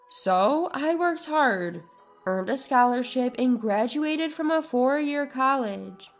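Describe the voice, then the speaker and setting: A woman tells a first-person story in a high, clear voice, taking her time over every line. Faint music plays beneath her measured narration.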